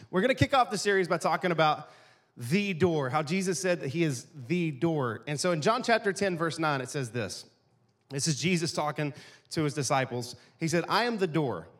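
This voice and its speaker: A pastor delivers his sermon like a chat with friends, full of jokes and asides. His voice sits a little higher than most men's. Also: a bit bright. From East Texas, USA. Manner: casual, joking, conversational preaching.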